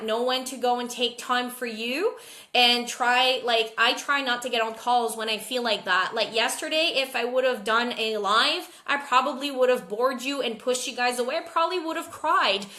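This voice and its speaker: On a live video Q&A, a jet-lagged network marketing team leader speaks candidly and without a script, stumbling and repeating little words while she thinks. Her slightly high voice comes across bright and forceful, and the room echoes around her.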